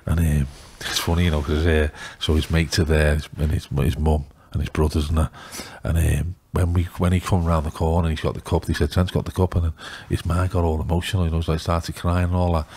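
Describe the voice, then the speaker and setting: A middle-aged man with a thick Liverpool accent spills out stories in an excitable, rambling rush. His voice sits very low and his words tumble out quickly, as he chats casually on a podcast. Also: breathy edge. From England. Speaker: youth football scout.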